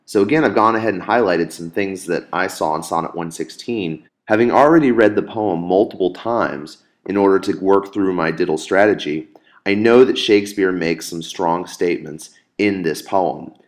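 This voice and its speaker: A man with a lowish voice talks through a screencast lesson for students. He explains step by step, earnest and patient, with small fillers and restarts. Quoted lines get a firmer, emphatic reading. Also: moderate pace. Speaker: teacher.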